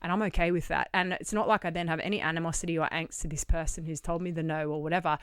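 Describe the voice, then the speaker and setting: A woman's voice: deep voice, fairly even intonation, quick pace, a bit bright, clean tone, no echo, studio quality. An Australian woman talking as a podcast guest, candid and blunt, swearing casually as she tells her story. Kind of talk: candid interview conversation.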